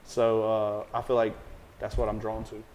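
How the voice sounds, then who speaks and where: A man with a Southern American accent, a private chef chatting in an interview, animated and rambling, joking and swearing casually. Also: fairly low pitch, moderate pace, slight background noise, rough recording.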